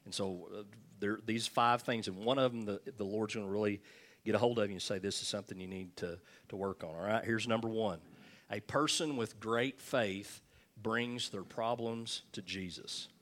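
Low-voiced man preaching a folksy sermon. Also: moderate pace, fairly bright tone. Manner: folksy, joking, reads scripture aloud. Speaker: pastor.

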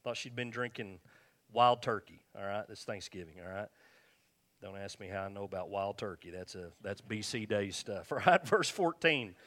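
A man's voice: lowish voice, expressive, normal speed, a bit bright. A man preaching a conversational sermon, repeating himself and checking in with his listeners. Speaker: pastor.

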